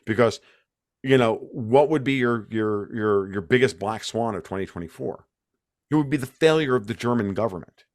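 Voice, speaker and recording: A man's voice: fairly low pitch, moderate pace, no echo, studio quality. A man giving his views as an interview guest, ranting emphatically and restarting his sentences often. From United States. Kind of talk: animated conversational interview.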